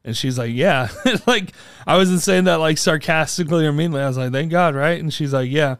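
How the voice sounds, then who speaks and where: A man's voice: a little high, fairly quick, fairly bright tone, smooth, dry recording, studio quality. A man co-hosting a podcast, telling an everyday anecdote casually and acting out the quoted lines. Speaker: podcast co-host. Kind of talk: casual storytelling chat.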